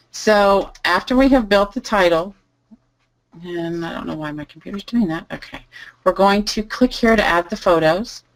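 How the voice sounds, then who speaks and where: A woman teaching a live online lesson, calmly thinking aloud as she types through each step. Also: fairly low pitch, poor audio. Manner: relaxed, thinking aloud while typing. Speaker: online selling instructor. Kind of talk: live screen-share tutorial.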